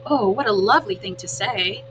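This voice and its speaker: A woman voicing a dramatic, theatrical female opossum in a storybook read-aloud, with drawn-out, exclaiming emphasis. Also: medium pitch, muffled recording, natural voice. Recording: humming background noise.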